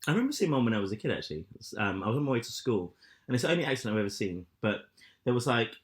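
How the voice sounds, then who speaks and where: A man in his thirties co-hosting a podcast, telling stories with lots of swearing and loud acted-out quotes. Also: medium pitch, racing. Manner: animated storyteller, swears a lot, acts out quotes loudly. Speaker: podcast co-host. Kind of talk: casual chat.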